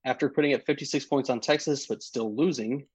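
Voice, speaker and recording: A man co-hosting a college sports podcast, working through numbers in a measured, analytical way. His voice comes through a dull, slightly lo-fi remote mic. The sound is dry, with no room around it. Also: mid-range voice, husky, no room sound. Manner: measured, stat-heavy analysis. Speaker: podcast co-host.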